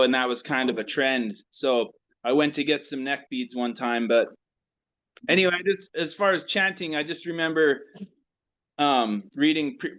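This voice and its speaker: Guy, reflective and halting, keeps restarting, muffled lo-fi call audio. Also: a little high, a bit bright. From United States. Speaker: class participant. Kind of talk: personal reflection on a video call. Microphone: video call.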